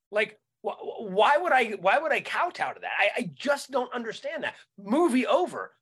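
High-voiced ranting male comedian. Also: moderate pace, few pauses, breathy edge. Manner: animated, ranting, swears freely. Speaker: comedian podcast co-host. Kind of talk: casual comedic chat.

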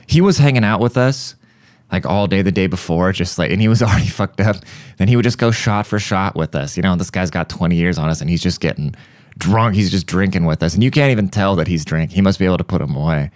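A man with a very low, smooth voice rambles through comic stories on his podcast, swearing freely and mimicking music with his mouth. The recording is dry and close, with no room sound. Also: fast, no echo. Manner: profane, rambling, breaks into mouth-made beat sounds. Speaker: podcast host. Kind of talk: casual comedic storytelling. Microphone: studio podcast mic.

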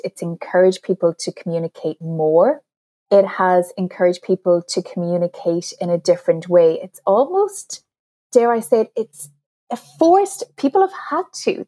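Her voice sits on the low side and sounds mellow as this woman, an author being interviewed, walks through communication skills in earnest, now and then laughing at herself.

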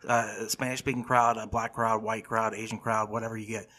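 A man's voice: on the low side, monotone, brisk, sharp tone, slight background noise. A man in casual conversation, an aspiring comic talking easily and asking questions. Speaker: aspiring comedian, guest. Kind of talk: casual podcast chat.

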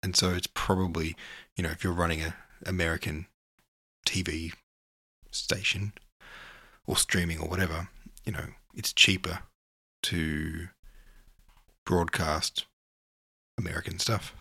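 A man's voice: deep voice, little pitch movement, unhurried, pauses often, sharp tone, slightly rough, no room sound. An Australian man with an Australian accent, a podcast host rambling casually and reading listener comments aloud. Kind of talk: casual chat.

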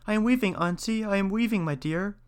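Brief: male reader voicing a young peasant girl, timid, pleading, raised pitch. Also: fairly quick, clean tone, natural voice. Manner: pleading, polite.

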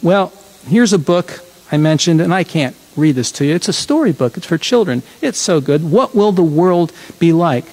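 A male preacher with a high-pitched voice who delivers his sermon in a folksy, conversational way. He speaks directly to the congregation and often stops to correct himself mid-phrase. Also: expressive, moderate pace, darkish tone, rough recording.

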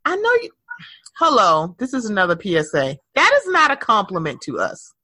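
A woman's voice: mid-range voice, fairly quick, slightly rough, dry recording. A woman co-hosting a casual chat, telling sassy stories and acting out the quoted voices. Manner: animated, sassy storytelling with acted-out quotes. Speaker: podcast co-host.

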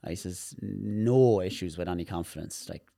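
This is an Irish man with a very low voice, talking as a therapist guest in a casual interview. He explains with energy and demonstrations, often repeating a word as he goes. The sound is dry and close. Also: moderate pace, creaky, no echo. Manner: animated, demonstrative, repeats words while explaining.

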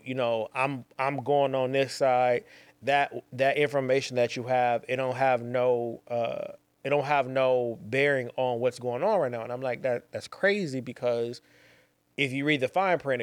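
A man's voice: mid-range voice, clear, resonant tone, dry recording. Young male host, casual rambling storyteller, mid-range voice, dry recording. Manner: rambling, repeats phrases, slangy asides. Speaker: podcast host.

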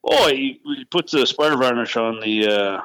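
Brief: male co-host, mid-pitched and bright, blunt, joking rants. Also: a little slow, clean tone. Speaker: podcast co-host. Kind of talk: casual chat.

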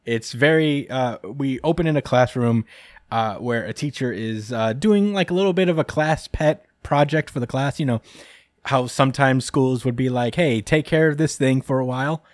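A man's voice: medium pitch, normal speed, no echo, studio quality. A man hosting a podcast, recapping a chapter in a casual, rambling way with frequent laughs. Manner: rambling, lots of ums and laughs. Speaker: podcast host.

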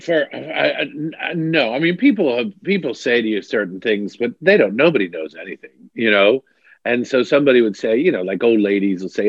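A male bishop recounts his story in an animated, self-mocking way, often breaking into laughter. His mid-range voice comes through a dry, slightly dull, lo-fi recording. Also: mid-range voice, a little fast, breathy edge, no room sound. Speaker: bishop, interview guest. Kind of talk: casual storytelling in an interview.

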